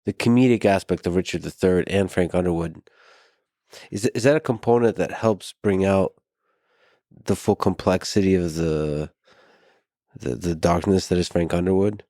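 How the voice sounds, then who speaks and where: A man with a very deep voice asks long, careful questions as a podcast host, stumbling over and repeating small words as he thinks. The recording is close and dry. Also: warm tone, dry recording. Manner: halting, thoughtful, with repeated words. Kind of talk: interview questions.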